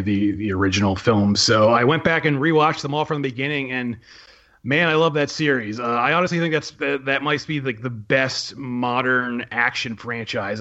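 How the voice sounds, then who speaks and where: In a lo-fi recording, a man who co-hosts a podcast and writes about film chats casually. His mid-range voice is bright with a forceful tone. He hesitates often, filling gaps with ums and restarting sentences.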